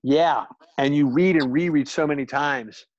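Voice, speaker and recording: A man's voice: on the high side, measured pace, dry recording. A man with a somewhat raised voice rambles candidly through his stories on a group video call. The sound is dry and a bit muffled, close to the mic with no room around it. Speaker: author and guest. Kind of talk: casual group chat.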